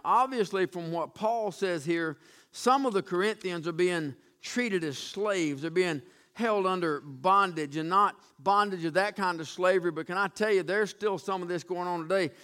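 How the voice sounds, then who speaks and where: A man's voice: high voice, sharp tone, smooth. A man preaching a sermon emphatically, often restarting words and calling out to his congregation.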